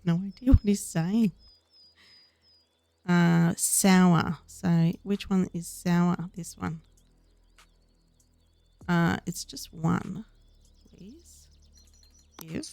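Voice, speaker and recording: A woman's voice: on the low side, steady tone, very slow, creaky, long pauses, mellow, no echo. A woman casually talking through a game as she plays, reading the game's dialogue aloud in her own voice. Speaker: gaming host. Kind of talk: casual gameplay commentary.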